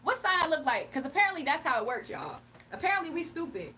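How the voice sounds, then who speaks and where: Bright, high-pitched woman streamer; sassy, exasperated rant at chat, faint background hum. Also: big pitch swings, fast talker. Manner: sassy, exasperated, talks back to chat comments. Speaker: livestream host reading chat. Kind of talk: casual livestream rant.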